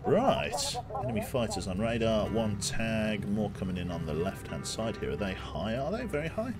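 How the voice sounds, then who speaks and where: Brief: young male gameplay streamer, low-pitched and animated, casual joking chat. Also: moderate pace, loud music behind the voice. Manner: chatty, joking, talks to chat while playing. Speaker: video game streamer.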